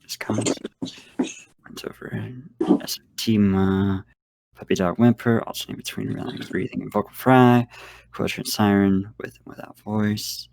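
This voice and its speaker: A man's voice: lowish voice, fairly even intonation, normal speed, gravelly, a little mellow, slight background noise. A man going over lesson notes as a voice student, hesitant and searching for words.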